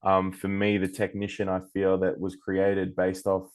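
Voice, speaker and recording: An Australian man, a coaching guest, telling personal stories in casual, animated talk, swearing freely and acting out what others said. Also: low-pitched, moderate pace, clean tone. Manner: animated, swears freely, acts out quoted speech. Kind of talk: casual storytelling.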